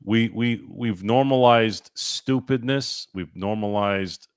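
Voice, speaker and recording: A man's voice: on the low side, slow pace, clean tone, no room sound, clean studio sound. A man co-hosting a casual sports podcast, ranting bluntly and opinionatedly, with casual swearing. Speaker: podcast co-host.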